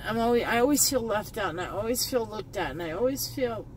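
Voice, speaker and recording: A woman's voice: mid-range voice, expressive, brisk, a little hiss or hum, poor audio. A woman beauty vlogger talking in a heartfelt, rambling way from her car, choked up at times and repeating herself. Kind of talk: emotional commentary vlog. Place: in a parked car.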